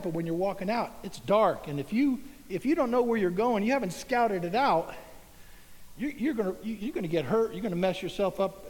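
Middle-aged man, folksy and animated storyteller addressing a crowd, high-pitched voice, long reverb from a big hall. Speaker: speaker at an event. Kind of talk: storytelling talk to a live audience. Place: large hall with an audience.

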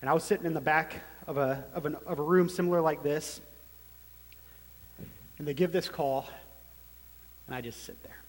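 Earnest man preaching in an echoing hall. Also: a little high. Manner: earnest, halting storytelling. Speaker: church planter giving testimony. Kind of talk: personal testimony sermon. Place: large meeting room. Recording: long hall reverb.

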